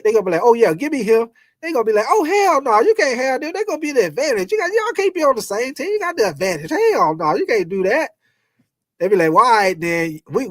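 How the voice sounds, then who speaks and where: A man hosting a casual sports livestream, reading viewer comments and talking football with loose, profane, animated chatter. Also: sits high, no room sound. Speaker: sports talk livestream host.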